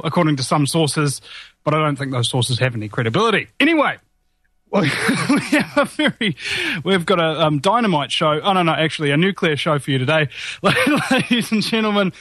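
A man's voice: fairly high pitch, a bit bright, dry recording. A man hosting an internet radio talk show, joking and rambling with lots of fillers and restarts. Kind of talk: casual talk radio chat.

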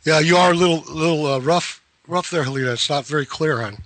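A man's voice: a little high, quick pace, fairly bright tone, rough recording. A man hosting a casual talk radio show, telling rambling stories and laughing often.

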